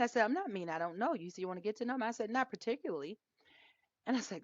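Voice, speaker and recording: A middle-aged woman co-hosting a podcast, telling a story in a casual, animated way and laughing often. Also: on the high side, very fast, no room sound. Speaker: podcast co-host. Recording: dull lo-fi dry sound.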